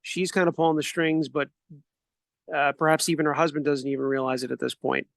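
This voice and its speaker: A man's voice: fairly high pitch, little pitch movement, a little fast, gravelly, dry recording. A man co-hosting a podcast, musing about a TV show in a reflective, hedging way. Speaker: podcast co-host. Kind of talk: casual discussion.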